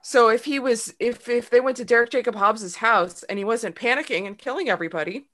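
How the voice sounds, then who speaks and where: A chatty woman recaps an episode on a casual podcast, with a bright, forward voice. She talks loosely, leaning on fillers, and laughs often with her co-hosts. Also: on the high side, a little fast. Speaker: podcast co-host.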